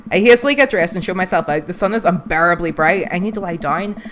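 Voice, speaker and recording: A woman's voice: lowish voice, fast talker, fairly bright tone, a little hiss or hum. A woman streaming a dating game, reading its text aloud and joking with frequent laughs and casual swearing.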